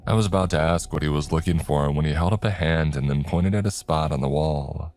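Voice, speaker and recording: A man narrating a horror story in a steady, even storytelling manner. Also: rumbling low, a little fast.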